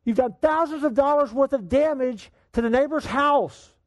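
A man voicing an angry father who explodes at his young son, shouting and exasperated. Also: very high voice, normal speed, no room sound, lo-fi sound, pitched above the performer's own voice. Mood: furious.

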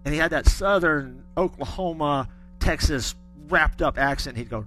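A man's voice: on the high side, fast, a bit bright, soft background music. A middle-aged man preaching a sermon, telling stories with folksy humor. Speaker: pastor.

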